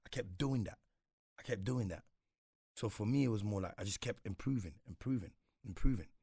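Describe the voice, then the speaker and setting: A man's voice: on the low side, brisk, creaky, dark tone, breathy edge, no echo, studio quality. A man, a guest in a casual interview, talking reflectively with slang and frequent repeats. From Congo.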